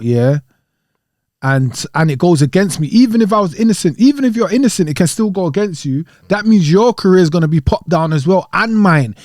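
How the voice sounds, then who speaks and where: A man's voice: on the high side, darkish tone, no room sound, clean studio sound. A young man, chatting casually in slang and laughing easily on a podcast. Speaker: podcast guest. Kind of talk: casual chat.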